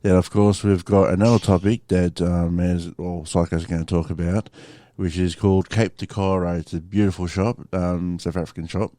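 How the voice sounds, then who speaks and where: A man's voice: low voice, level tone, moderate pace, few pauses, mellow, dry recording, studio quality. A man co-hosting a podcast, chatting in a laid-back way and swearing freely. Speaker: podcast co-host. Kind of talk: casual podcast chat.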